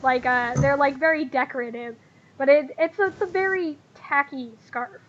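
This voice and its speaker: A woman narrating as game master in a tabletop game, talking haltingly with many fillers and restarts. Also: high-pitched, highs cut off.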